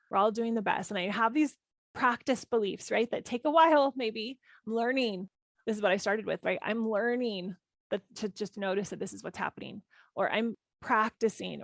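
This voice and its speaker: Woman, 30s, podcast host, gentle coaching voice, fairly high, dry recording. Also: creaky, dry recording. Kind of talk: reflective solo podcast talk.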